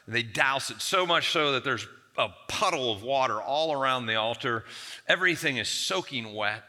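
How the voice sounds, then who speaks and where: A male pastor retells a Bible story in a loose, joking, conversational style, often restarting his sentences. His voice is bright and sharp, sitting at a mid pitch, and a long church reverb trails behind every phrase. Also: a little fast. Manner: conversational, humorous, lots of restarts. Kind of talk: storytelling sermon.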